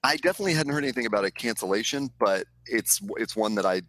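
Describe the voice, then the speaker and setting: A man co-hosting a casual podcast, who talks in a hesitant, halting way. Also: mid-range voice, animated, a bit bright, no echo. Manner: hesitant, halting, laughs often. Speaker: podcast co-host. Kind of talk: casual chat about movies.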